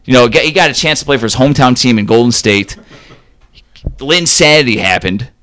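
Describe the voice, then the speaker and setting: A man's voice: medium pitch, lively intonation, fairly quick, fairly bright tone, no room sound, studio quality. A man co-hosting a podcast, chatting casually about sports, rambling with many filler words. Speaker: podcast co-host.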